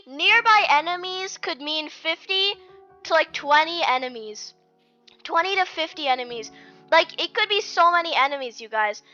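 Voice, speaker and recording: Woman for a casual gameplay walkthrough, high bright voice, rambling and filler-heavy delivery; dull lo-fi mic with faint music underneath. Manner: rambling, with many fillers and restarts. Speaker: gaming video creator.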